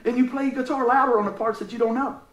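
A man's voice: very high voice, steady tone, fast, reverberant, recorded from a distance, lo-fi sound. A man preaching a casual, folksy sermon, telling stories and laughing often.

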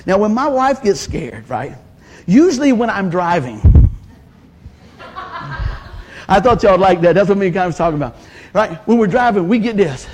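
A man's voice: high-pitched, normal speed, long pauses, slight background noise. A man in his fifties preaching a sermon, telling stories with laughs and acting out the voices he quotes. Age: 50s. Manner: animated, laughing storyteller who acts out quotes.

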